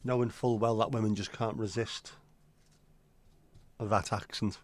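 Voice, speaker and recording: A man's voice: fairly low pitch, fairly even intonation, a little slow. A man hosting a casual livestream, chatty and joking as he answers viewer comments. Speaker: livestream host.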